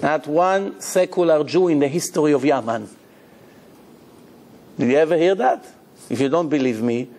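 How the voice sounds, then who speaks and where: Rabbi preaching torah, high lively voice, swings way up when he acts out people. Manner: animated, acts out dialogue with big pitch swings. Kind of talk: Torah lecture.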